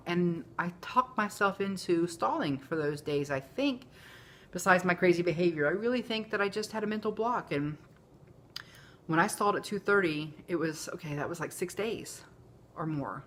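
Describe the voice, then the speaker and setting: A woman's voice: lowish voice, lively intonation, moderate pace, a little hiss or hum. A woman, talking candidly and emotionally in a rambling personal vlog. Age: 40s. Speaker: vlogger. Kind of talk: casual confessional vlog.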